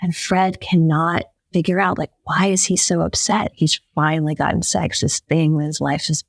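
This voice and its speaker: A woman journalist, a podcast guest, telling a story in a lively way and acting out the quotes. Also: deep voice, normal speed, creaky, breathy edge, no room sound. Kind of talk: conversational storytelling.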